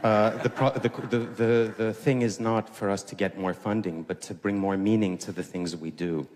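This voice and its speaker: A man with a very deep voice delivers a pointed rebuttal in a public debate. His speech rings out in a reverberant hall. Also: steady tone, moderate pace, a little mellow. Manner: pointed, critical. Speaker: debate participant. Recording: echoey hall.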